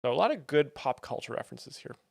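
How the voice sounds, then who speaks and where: A man giving deadpan, mock-serious commentary as a comedy stream host, with plenty of fillers. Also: medium pitch, fast, vocal fry, no echo, studio quality.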